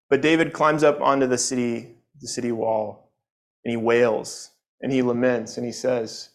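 A man's voice: mid-range voice, fairly even intonation, normal speed. A man teaching a Sunday morning Bible lesson, earnest and conversational, often repeating words as he goes.

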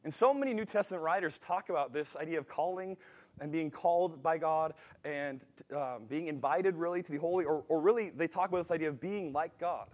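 A man with a slightly raised pitch giving a sermon. He talks in a relaxed, conversational way, restarts his phrases often, and moves between soft asides and emphatic, rising points. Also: a little fast. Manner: conversational, thinks aloud with frequent restarts; swings between quiet asides and emphatic rises. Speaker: preacher.

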